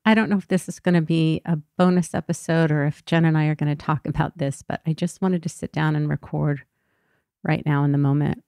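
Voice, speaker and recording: A woman's voice: deep voice, steady tone, fairly quick, darkish tone, dry recording, studio quality. A woman therapist hosting her podcast, talking candidly and vulnerably in a personal monologue. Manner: candid, vulnerable, emotionally raw.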